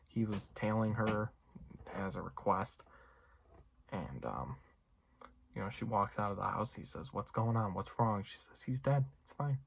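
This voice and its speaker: A man's voice: on the low side, creaky, breathy edge. A young man giving a casual, rambling movie review, full of fillers and asides. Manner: rambling, lots of fillers and you-knows.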